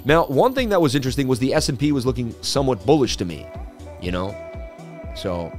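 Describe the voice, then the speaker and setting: A man's voice: mid-range voice, big pitch swings, brisk, a little mellow, soft background music. A man hosting a crypto market livestream, chatting casually and reading viewer comments aloud.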